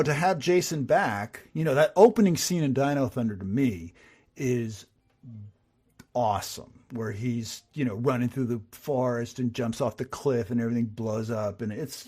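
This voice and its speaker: A man's voice: medium pitch, husky. A middle-aged man, a writer and producer, telling stories as a podcast guest and acting out the dialogue he quotes. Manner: animated storyteller who acts out quoted dialogue. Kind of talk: casual interview storytelling.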